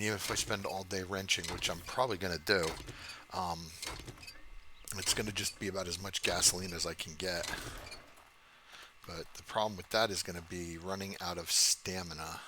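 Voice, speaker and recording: A man in his fifties with a low, deep voice chats through a gaming session in a casual, profane ramble. He mocks his own bad jokes and drifts off-topic easily. The recording carries clear background noise and clicking. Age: 50s. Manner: rambling, profane, self-mocking humor. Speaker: gaming channel host. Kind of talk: casual let's-play commentary.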